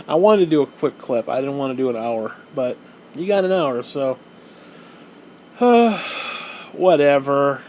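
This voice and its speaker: A man's voice: a little high, lively intonation, a little slow, darkish tone, slight background noise, rough recording. A man telling a rambling story in a casual rant to his viewers, repeating himself, swearing and laughing now and then. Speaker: gaming and wrestling video host.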